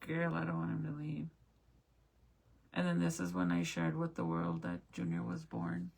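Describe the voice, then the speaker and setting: A woman's voice: fairly low pitch, completely flat delivery, moderate pace, creaky, a little mellow, breathy edge. A young woman chatting casually with viewers as she looks back through old family photos, swearing now and then. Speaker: mom vlogger.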